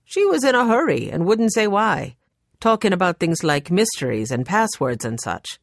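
A woman voicing a gentle adult male gallery owner in an audiobook, patient and explanatory. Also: on the low side, big pitch swings, normal speed, dry recording, studio quality. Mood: explaining.

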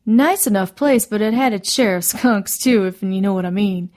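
A woman's voice: medium pitch, moderate pace, darkish tone, close to an everyday voice. A woman voicing a wary rural father in middle age, with folksy, dry speech in a storybook reading. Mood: dry, guarded.

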